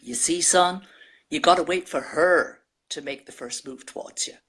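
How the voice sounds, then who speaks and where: A woman's voice: low-pitched, normal speed, a bit bright. A woman voicing an American father giving his son fishing advice, in a put-on American accent. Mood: fatherly. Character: old American fisherman dad giving advice.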